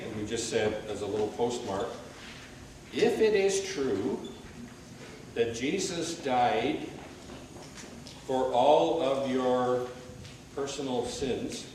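A man preaching a sermon, swinging between loud rhetorical questions and low, quiet asides. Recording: very echoey hall, mic at a distance, faint hiss.

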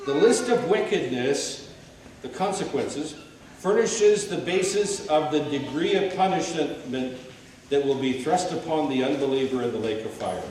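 A man preaching a sermon, swinging between loud rhetorical questions and low, quiet asides. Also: animated, a little slow. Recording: very echoey hall, mic at a distance, faint hiss.

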